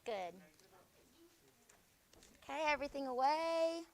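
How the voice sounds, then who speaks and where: A young woman teaching a school class, reviewing vocabulary briskly and checking in with "okay?" after nearly every point. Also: high-pitched, expressive. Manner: brisk, peppers talk with "okay?".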